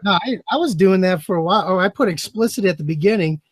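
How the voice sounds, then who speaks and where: A man's voice: high-pitched, fast talker, no echo, studio quality. A man, a former soldier, telling stories in casual chat with lots of swearing and laughter. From United States. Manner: profane, laughing storyteller. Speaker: podcast guest and former soldier.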